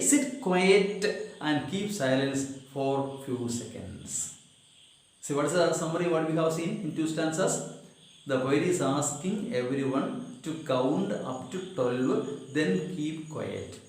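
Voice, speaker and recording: A man teaching an English poetry lesson, explaining lines slowly, repeating himself and asking the students rhetorical questions. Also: a little high, darkish tone. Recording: very echoey room.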